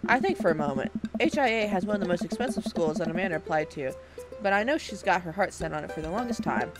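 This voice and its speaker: Woman reading game narration, lively voice, loud music behind. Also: fairly low pitch, fast talker. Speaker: streamer. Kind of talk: narrating a visual novel game.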